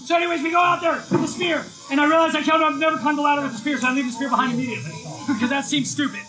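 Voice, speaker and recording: A man preaching live, telling an excitable story with lots of shouting and bursts of energy. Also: very high-pitched, racing, crowd noise, poor audio. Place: live event, outdoors or hall.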